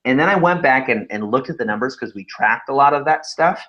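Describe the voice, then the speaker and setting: A man in his thirties talks on a video call webinar, telling stories in an animated way and laughing often. His sound is a bit dull and lo-fi. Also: medium pitch, a little fast. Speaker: webinar co-host, author. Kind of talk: casual webinar chat.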